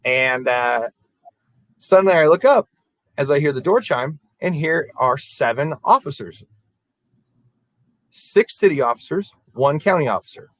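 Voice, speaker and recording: Man, podcast co-host, casual animated storyteller, slightly high voice, no room echo. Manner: animated, acts out quoted voices.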